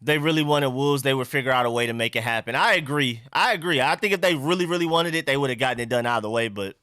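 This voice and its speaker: A man's voice: mid-range voice, fast, bright, forceful tone, no room sound, studio quality. A young man hosting a live stream, chatting loosely and reading out viewer comments. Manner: loose and conversational, reads out chat comments. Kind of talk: casual live-stream chat.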